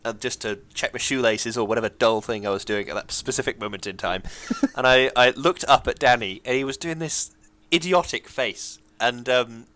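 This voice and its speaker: A man's voice: medium pitch, normal speed, hardly any pauses, sharp tone, dry recording. A young man co-hosting a podcast, telling stories with wry, dry humor in casual chat. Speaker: podcast co-host.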